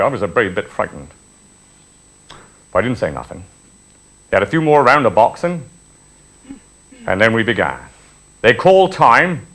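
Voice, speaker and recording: A man's voice: medium pitch, fairly bright tone. A man, telling an old reminiscence in broad dialect with chuckles. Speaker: storyteller. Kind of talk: spoken reminiscence, folk tale.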